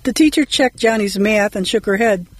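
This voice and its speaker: A woman co-host reading mock ads and jokes aloud in a brisk, light way. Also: mid-range voice, rough recording.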